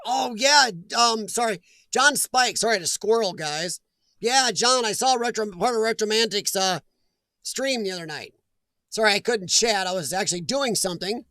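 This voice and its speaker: Middle-aged guy, high-pitched, dry close mic, easygoing stream host chatting with viewers. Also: lively intonation, moderate pace, sharp tone, no echo. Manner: chatty, laughs often, talks back to chat. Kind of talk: casual live-stream chat reading comments.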